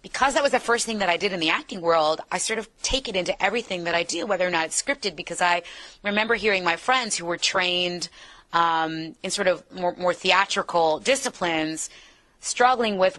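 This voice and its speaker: An American actress in a casual interview, talking in an animated, playful way. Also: female voice, lowish voice, fairly quick. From United States. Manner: animated, playful, slips into accents.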